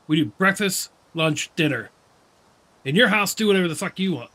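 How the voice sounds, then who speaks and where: A middle-aged American man hosts a livestream, ranting and swearing at his chat in casual, laughing banter. His voice is high-pitched, expressive and sharp, at normal speed.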